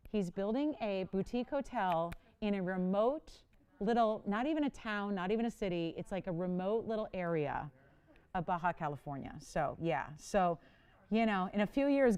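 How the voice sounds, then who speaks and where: A woman's voice: medium pitch, a little mellow, smooth. A woman in her forties hosting a live home-shopping show, chatty and bubbly, often laughing as she presents. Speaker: shopping channel host. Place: television studio.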